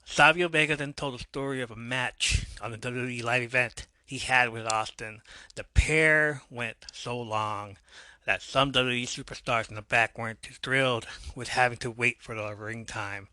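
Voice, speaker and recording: A man hosting a wrestling review podcast, switching between reading notes and excitable, joking asides. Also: medium pitch, moderate pace, no room sound. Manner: excitable, laughs and jokes, swings between reading and riffing. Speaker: podcast host.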